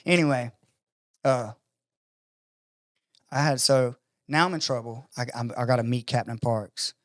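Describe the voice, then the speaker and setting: Male guest, animated storyteller doing voices, mid pitch, dry close sound. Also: unhurried, no room sound. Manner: animated storyteller acting out quoted voices, profane. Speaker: podcast guest. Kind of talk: casual storytelling conversation.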